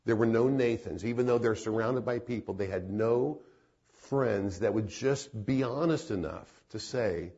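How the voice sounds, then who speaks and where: A man's voice: on the low side, a little slow, dark tone, slightly rough, highs cut off. A man preaching a sermon as a pastor, telling a story in an earnest way and repeating phrases for emphasis.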